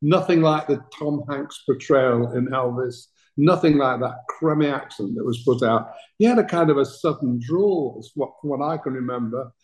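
An older British man spins long, chatty anecdotes as an interview guest and chuckles between the punchlines. His voice sits at an ordinary mid pitch, and the room around him rings with echo. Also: normal speed, hardly any pauses. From Britain. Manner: chatty, laughs through his stories. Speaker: guest, talent manager.

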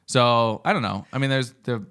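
A man's voice: mid-range voice, steady tone, moderate pace, fairly bright tone, smooth. A young man co-hosting a casual talk show, speaking candidly with a joking, self-mocking manner. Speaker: podcast co-host. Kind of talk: casual chat.

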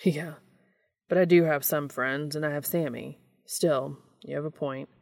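A woman voicing an awkward, gruff adult male hunter, speaking low, hushed and hesitant. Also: steady tone, measured pace.

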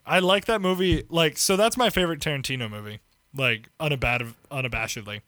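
Young guy hosting a podcast, jokey, swears a lot, high bright voice that jumps around. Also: fairly quick, no echo. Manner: jokey, animated, swears freely. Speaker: podcast host. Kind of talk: casual podcast banter.

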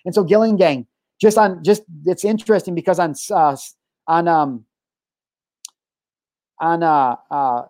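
A man's voice: fairly high pitch, unhurried, pauses often, darkish tone, no echo. Heated, profane man ranting on a podcast. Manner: heated, profane, emphatic repetition. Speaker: podcast host.

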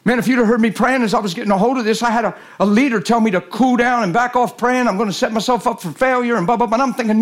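A man, preaching as a guest speaker in a folksy storytelling way that rises to shouted emphasis. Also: very high voice, fast, few pauses. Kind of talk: sermon.

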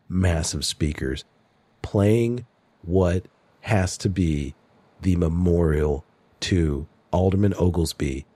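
A man with a low, husky voice runs a tabletop game as game master. He talks slowly and jokes around, laughing often between bits of narration. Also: dark tone, no room sound.

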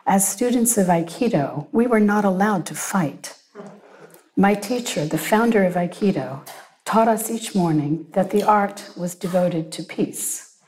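A woman narrating a first-person story in a measured, reflective way. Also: medium pitch, lively intonation, darkish tone.

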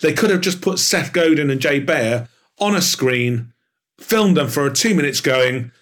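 A man being interviewed as an author, talking in an animated, enthusiastic way with plenty of fillers. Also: fairly high pitch, unhurried. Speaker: author and guest. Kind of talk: podcast interview.

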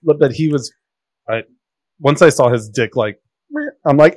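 A man in his thirties co-hosting a podcast, telling a story in a lively, exclamatory way. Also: medium pitch, measured pace, slightly rough, no echo. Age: 30s. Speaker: podcast co-host. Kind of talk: casual storytelling chat.

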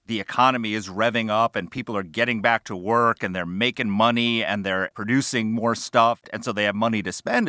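A man's voice: medium pitch, pushed and bright, no room sound, studio quality. A man co-hosting a political podcast, arguing his points emphatically with sarcasm. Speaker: podcast co-host.

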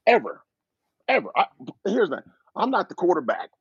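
A man's voice: normal speed, breathy edge, dry recording, highs cut off. A middle-aged man, a former pro football player, telling stories in a podcast interview and acting out quoted exchanges. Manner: animated storyteller, acting out quoted exchanges in a higher voice.

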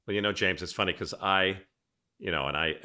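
A man's voice: low voice, brisk, pushed and bright. A man hosting a podcast interview, telling rambling stories in a casual, chatty way. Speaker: podcast host.

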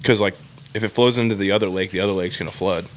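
A young man with a Southern Californian accent talks in a slightly low voice in a relaxed, slangy way. He curses freely and drops "dude" into nearly every line. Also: fast talker. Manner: profane, laid-back slang, lots of "dude". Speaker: podcast co-host. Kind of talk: casual chat.

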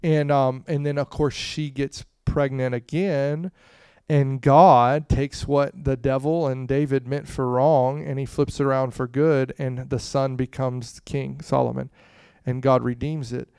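A man preaching a conversational sermon to a congregation, swinging between hushed and loud passages, with frequent "you know" asides. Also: mid-range voice, flat delivery, unhurried, clean tone, no room sound, studio quality. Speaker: pastor.

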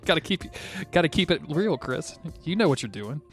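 A man co-hosting a podcast in casual chat, animated, laughing often and swearing freely. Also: a little high, fairly quick, soft background music. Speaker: podcast co-host.

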